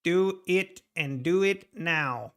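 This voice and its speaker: Man live-streaming trades, clear voice, slow, chatty, laughs often. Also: on the high side. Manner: muttering to the chart, chatting with viewers, laughing often.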